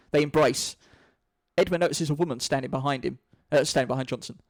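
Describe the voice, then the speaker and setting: A man's voice: mid-range voice, a little fast, no room sound. A man casually reading out stage directions, now and then stumbling over lines. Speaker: reader.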